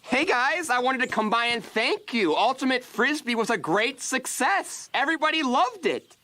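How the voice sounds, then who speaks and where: A man's voice: very high voice, animated, normal speed, sharp tone, slight background noise, full character voice. A man voicing a cheerful, polite male cartoon friend with a chipper, formal manner.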